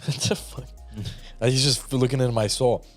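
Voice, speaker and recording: A man's voice: medium pitch, fairly even intonation, moderate pace, faint music behind. A man in his twenties, a podcast co-host, telling a rambling family story in casual chat, laughing often and acting out the people he quotes.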